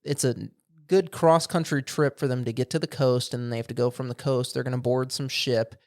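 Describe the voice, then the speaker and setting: A man's voice: mid-range voice, steady tone, a little fast. A man co-hosting a podcast, casually telling a rambling story and acting out quotes. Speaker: podcast co-host. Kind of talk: casual chat. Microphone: studio microphone.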